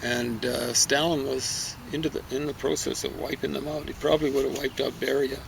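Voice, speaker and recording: Gravelly man rambling outdoors. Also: mid-range voice, little pitch movement, a little fast, background noise. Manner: rambling, stumbles over foreign names. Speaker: book reviewer. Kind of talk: casual spoken book review. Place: outdoor garden.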